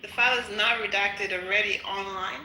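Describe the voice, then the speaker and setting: A woman's voice: mid-range voice, fairly even intonation, normal speed, pushed and bright, reverberant, rough recording. A woman in a heated casual debate on an online audio room, insistent and talking over others.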